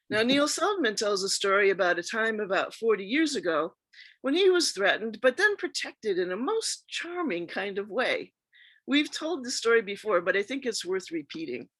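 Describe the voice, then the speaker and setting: Woman, storyteller, expressive reading, lively pitch, dry close sound. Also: normal speed, dry recording. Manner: expressive reading that acts out quoted speech. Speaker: radio show host. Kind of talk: scripted storytelling narration.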